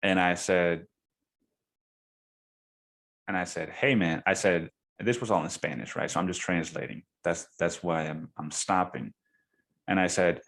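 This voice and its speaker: A man's voice: low-pitched, measured pace. A man hosting a podcast, telling a story in a casual, profane way and saying "dude" often. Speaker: podcast host.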